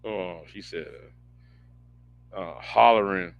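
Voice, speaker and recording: A man hosting a livestream, ranting casually in a profane, animated way, often stammering and restarting his words. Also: deep voice, slow pace, creaky, no room sound, dull audio. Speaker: livestream host.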